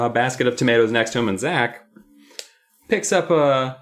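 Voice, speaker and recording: A man's voice: medium pitch, normal speed. A man co-hosting a podcast, recapping a book episode in a playful, rambling way. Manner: playful, rambling, often laughing. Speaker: podcast co-host.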